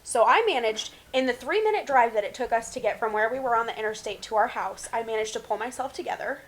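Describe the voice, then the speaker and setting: A woman's voice: fairly high pitch, fast, low-quality recording. A young woman, a podcast guest, telling a story in casual chat, acting out the voices of the people in it. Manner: animated, dramatic retelling with quoted voices.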